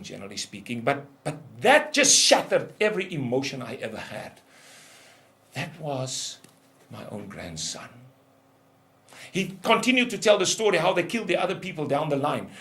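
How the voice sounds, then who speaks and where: An older man who leads a ministry delivers a testimony sermon, telling his story intensely and swinging between loud outbursts and hushed lows.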